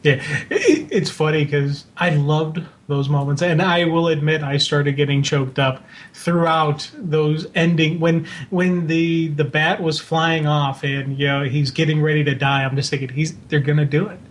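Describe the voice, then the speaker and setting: A man's voice: fairly high pitch, flat delivery, unhurried. A man co-hosting a casual fan podcast, talking in a heartfelt, rambling way full of asides. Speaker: podcast co-host.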